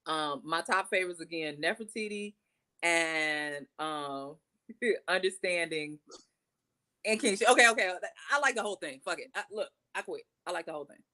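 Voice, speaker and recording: A woman co-hosting a podcast, reviewing music in an exuberant, casual way, swooping high when excited. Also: moderate pace. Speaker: podcast co-host.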